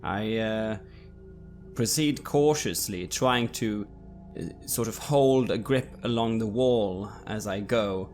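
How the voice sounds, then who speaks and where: A man's voice: lowish voice, takes it slowly, a little mellow, soft background music. A man playing a tabletop game, describing his character's actions carefully, with frequent fillers. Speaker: player.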